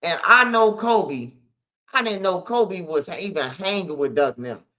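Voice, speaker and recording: A man's voice: high-pitched, animated, a little slow, bright, forceful tone. A man, hosting a street news channel, retelling a story in a loose, slangy, profane, emphatic way. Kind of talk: casual storytelling monologue. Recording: dull lo-fi audio.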